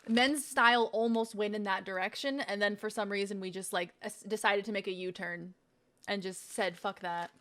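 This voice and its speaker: On a laid-back unboxing stream, a young woman tries snacks, laughing, swearing a lot and talking as she eats. Her medium-pitched voice is steady and a bit bright, at a moderate pace.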